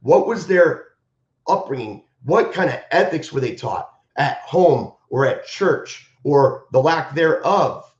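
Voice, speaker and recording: A man's voice: a little high, expressive, takes it slowly. A man who teaches martial arts, speaking on a live stream in an impassioned, emphatic way and repeating his key phrases. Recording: roomy, dull lo-fi stream audio.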